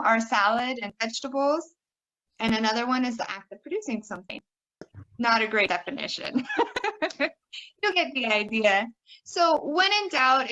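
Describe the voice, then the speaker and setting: Upbeat young woman workshop presenter, a bit high-voiced, exaggerates sounds for teaching. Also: pushed and bright, lo-fi sound.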